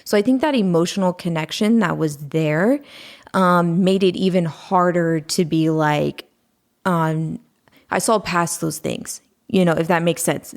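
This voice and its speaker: A woman in her thirties, a podcast guest, talking openly and calmly about her past, with many fillers. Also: lowish voice, a little slow. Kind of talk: candid conversational interview.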